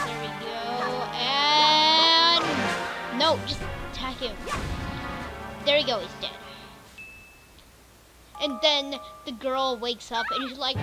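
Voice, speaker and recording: A woman's voice: high-pitched, animated, measured pace, over music. A woman on a cheap mic giving casual, jokey gameplay commentary. She narrates the scenes sarcastically. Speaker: game streamer.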